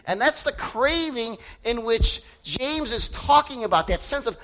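Bright-voiced young preacher, high and lively. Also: male voice, measured pace, few pauses, rough recording. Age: young adult. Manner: conversational, asks the congregation questions; acts out loud shouted voices and asides. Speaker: pastor. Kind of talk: sermon.

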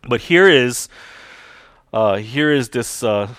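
A man, a pastor, preaching a sermon emphatically, repeating key lines and swinging between loud declarations and hushed, slow phrases. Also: medium pitch, animated, no echo, clean studio sound.

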